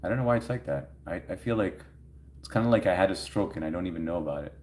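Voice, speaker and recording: A man's voice: deep voice, lively intonation, fast talker, darkish tone, slight background noise. A man hosting a livestream, chatting casually with viewers, laughing often and reading their comments aloud. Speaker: livestream host answering chat. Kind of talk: casual chat. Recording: echoey room.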